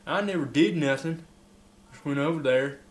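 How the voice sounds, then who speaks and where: A man's voice: fairly high pitch, normal speed, reverberant, a little hiss or hum. A man rambling through an improvised comic monologue as a mock interviewee, drawling with fillers and laughs.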